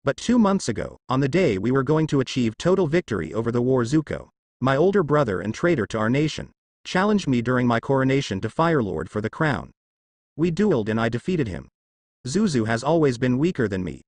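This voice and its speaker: A man's voice: mid-range voice, very animated, fairly quick, a little mellow, no room sound. A man reading a story aloud and voicing a haughty young princess who speaks in a cold, mocking, clipped way. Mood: bitter.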